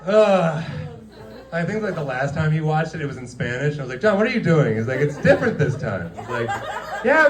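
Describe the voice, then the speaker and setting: A man's voice: on the high side, reverberant, slight background noise. A man doing a rambling, crude stand-up roast of his former coworkers in a restaurant, laughing at his own jokes. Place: restaurant dining room.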